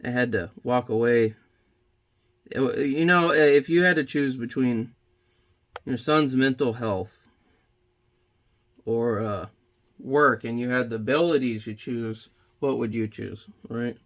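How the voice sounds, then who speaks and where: A man chatting casually while he paints, rambling between jokes and quiet reflection. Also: mid-range voice, takes it slowly, pauses often. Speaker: painting vlogger.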